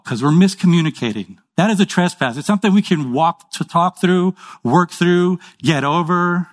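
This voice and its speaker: A man delivers a sermon in a relaxed, conversational way. His voice sits a little on the high side, and he keeps checking in with his listeners. He slips into quick little dialogues to act out his examples. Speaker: pastor.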